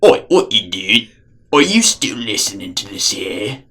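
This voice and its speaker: A man's voice: fairly low pitch, sing-song, measured pace, over music. A man doing a cheeky mock-British voice, teasing listeners to go make films.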